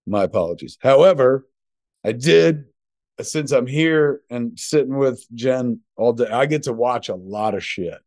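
A man's voice: mid-range voice, expressive, a little slow, darkish tone, dry recording, clean studio sound. A middle-aged man co-hosting a podcast from home, telling a long, rambling story packed with profanity. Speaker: podcast co-host. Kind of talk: casual chat.

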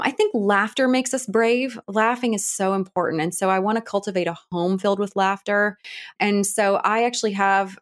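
A woman in her thirties from Ohio, a guest telling lively stories with laughter and acted-out quotes. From Ohio, Cleveland area. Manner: lively, laughing, acts out quotes with big pitch jumps. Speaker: guest, author. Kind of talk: animated storytelling in a podcast interview.

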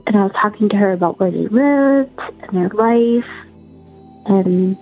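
A woman caller telling a personal story in an earnest, halting, repetitive way over the phone. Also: medium pitch. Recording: tinny phone line with faint music.

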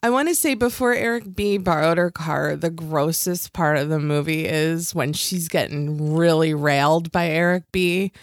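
A woman's voice: low-pitched, normal speed, hardly any pauses, dry recording, clean studio sound. A woman chatting casually as a podcast co-host, wry and teasing, laughing a lot. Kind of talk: casual chat.

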